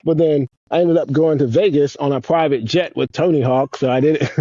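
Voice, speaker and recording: A man chatting as a podcast guest, telling excited stories with lots of swearing. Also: normal speed, dry recording, lo-fi sound. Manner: excited storyteller, swears a lot, animated swings in pitch. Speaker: podcast guest, former pro skateboarder. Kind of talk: casual interview chat.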